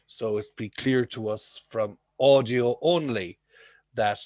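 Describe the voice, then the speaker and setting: A man's voice: mid-range voice, slow, darkish tone, dry recording. A man teaching an English class over a video call, explaining with homely comparisons and checking in with frequent "okay?".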